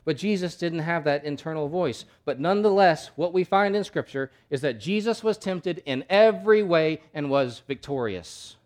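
A male pastor preaching a sermon, emphatic, asking rhetorical questions and swinging between loud and soft. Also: fairly high pitch, animated, normal speed, hardly any pauses.

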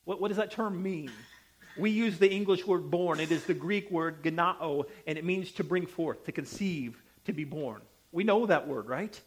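A man preaching a sermon, emphatic and repetitive, with sharp swings between loud and soft delivery. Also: on the high side, moderate pace, husky. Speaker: pastor.

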